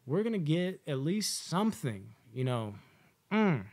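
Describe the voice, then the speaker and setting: A man hosting a casual TV episode review, talking loosely with lots of filler words and swearing, and jumping into a higher voice to act out quotes. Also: very animated, unhurried, a little mellow. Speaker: TV review host.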